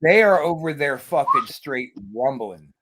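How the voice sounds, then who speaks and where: A man's voice: on the high side, lively intonation, unhurried, very noisy. A man hosting a podcast, telling a profane story in casual chat. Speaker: podcast host.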